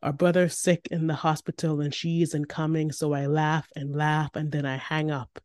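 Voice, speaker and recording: A woman narrating a first-person story in an expressive, tense reading. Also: low voice, normal speed, dry recording.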